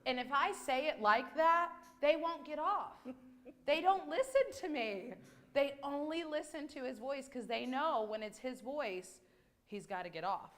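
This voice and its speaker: A woman leading a children's message in church, asking gentle questions and closing in prayer. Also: sits high, animated, unhurried. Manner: gentle, conversational, asks questions. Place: church sanctuary.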